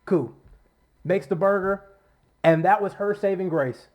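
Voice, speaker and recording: A man's voice: high-pitched, a little slow, a little mellow. A man chats on a podcast in a slightly raised voice. He retells stories loosely and profanely, dropping in little acted-out quotes. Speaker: podcast co-host. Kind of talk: casual chat, retelling a movie plot.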